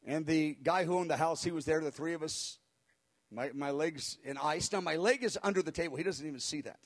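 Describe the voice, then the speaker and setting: A man recounting a spiritual experience as an animated personal testimony, acting out the people he quotes and chuckling as he goes. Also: a little high, fairly quick. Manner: acts out the people he quotes, with cries and hushed voices.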